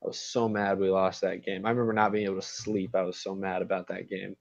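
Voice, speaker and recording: A young man with a low, very flat voice co-hosts a casual podcast, reading out chat questions. His mic sounds dull and lo-fi. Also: fast talker, gravelly.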